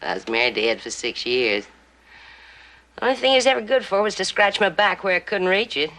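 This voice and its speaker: An actress playing a weary, sharp-tongued woman with dry humor, in old film dialogue. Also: medium pitch, very animated, brisk. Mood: wry.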